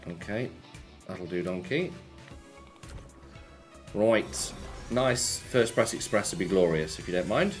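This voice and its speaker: A man's voice: low voice, lively intonation, takes it slowly, pauses often, faint music behind. A man hosting a casual live stream, chatting offhandedly and answering viewer messages. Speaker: slots streamer.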